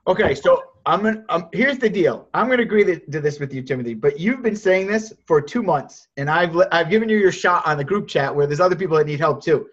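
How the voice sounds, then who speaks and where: A man's voice: fairly high pitch, animated, fast talker, hardly any pauses, a bit bright, highs cut off. A man coaching salespeople on a group video call, blunt and direct, often repeating words as he starts a thought.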